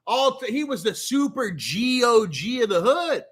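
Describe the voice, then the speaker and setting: A man's voice: very high voice, lively intonation, unhurried, a bit bright, breathy edge. A man with a Canadian accent telling a long, rambling story in a casual rant, swearing often and talking with a lot of animation. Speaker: streamer.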